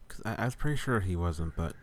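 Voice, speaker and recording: A man's voice: deep voice, expressive, quick pace. A man co-hosting a podcast in a casual film discussion, talking in a laid-back, hesitant way full of fillers. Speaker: podcast co-host.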